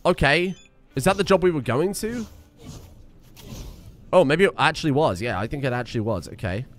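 A man's voice: a little high, expressive, normal speed. A man streaming a video game, rambling and self-mocking, swearing casually as he goes. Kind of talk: casual gameplay commentary.

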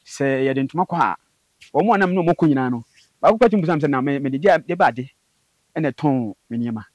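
Man, guest storyteller, husky and quick, dry close sound, lively testimony. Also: dry recording. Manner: fast, animated storytelling with sudden high bursts. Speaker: guest telling his story. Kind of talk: personal testimony in conversation.

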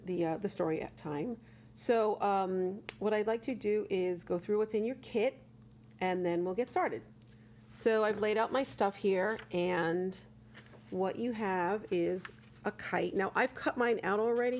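A woman reading a picture book to children and then explaining a craft, gentle and exclamatory, often asking the children questions. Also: medium pitch. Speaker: children's librarian. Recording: steady background hum.

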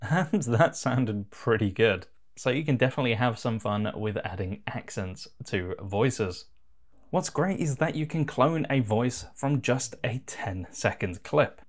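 A man giving a relaxed, casual voice-over as he walks through a software tutorial. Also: medium pitch, unhurried. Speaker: tutorial host.

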